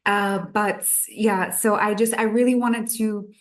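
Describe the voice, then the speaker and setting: A woman's voice: medium pitch, steady tone, a little slow. A woman in her thirties, a nutritionist guest on a podcast, telling her own story in a chatty way and acting out her past thoughts.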